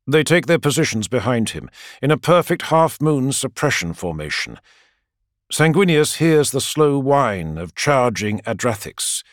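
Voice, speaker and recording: A man's voice: mid-range voice, unhurried, no echo. A man reading a dramatic story as audiobook narration, close to the mic. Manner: dramatic, expressive reading with lively swings.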